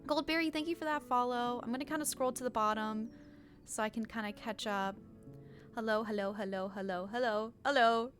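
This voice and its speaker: A woman's voice: on the high side, a little fast, fairly bright tone, soft background music. A woman streamer chatting casually on a live stream, bubbly, greeting viewers by name, often laughing and getting emotional.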